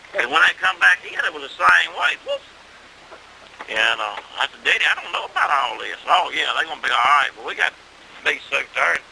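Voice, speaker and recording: A man's voice: on the high side, gravelly, a little hiss or hum, rough recording. A middle-aged man, telling a rural story in a salty, folksy way, with plenty of cussing. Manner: salty rural storytelling, cussing, grows loud and excited with laughs.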